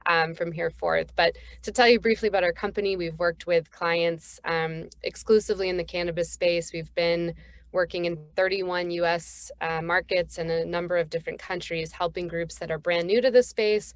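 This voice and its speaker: A woman's voice: fairly low pitch, fairly even intonation, normal speed. A woman from Boston, a company founder, introducing herself on a virtual panel while dialing in from the road. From Boston, Northeast US.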